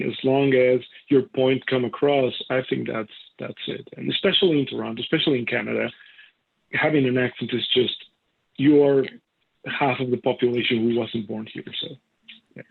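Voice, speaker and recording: Gravelly husky man on a tinny line. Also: mid-range voice, fairly even intonation, fairly quick. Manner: easygoing, brief. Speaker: podcaster guest. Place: Toronto. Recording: tinny phone-like video call line.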